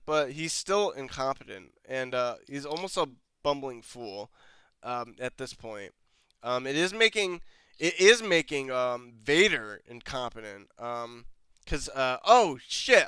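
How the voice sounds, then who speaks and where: A young man rambles through a frustrated review, laughing often as he talks. His voice is bright and clear and rises and falls a great deal. The recording is close and dry. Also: fairly high pitch, no echo. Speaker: channel host reviewing a TV episode. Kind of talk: casual rant to camera.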